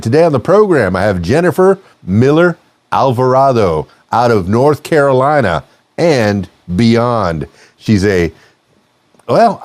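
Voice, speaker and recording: A man's voice: mid-range voice, a little mellow, no echo. A man hosting his podcast as a DJ, talking in an upbeat, jokey emcee patter from a radio studio. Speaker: podcast host and DJ. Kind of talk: upbeat promo chat.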